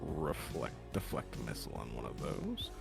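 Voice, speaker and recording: A male player at a tabletop game, excitable, swearing and laughing often. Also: extremely low pitch, normal speed, creaky, over music. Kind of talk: casual chat over a tabletop game.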